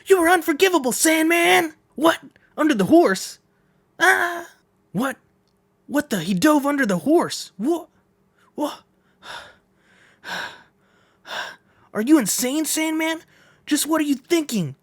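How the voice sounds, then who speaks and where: An angry tribal warrior, played by a man reading a manga aloud, yelling in a high, strained voice. He shouts orders and accusations in alarm, raised well above the reader's own pitch, close and dry. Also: very animated, takes it slowly, pauses often, no room sound, full character voice. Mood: frantic. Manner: shouting, frantic. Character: angry male tribal warrior chasing a runaway.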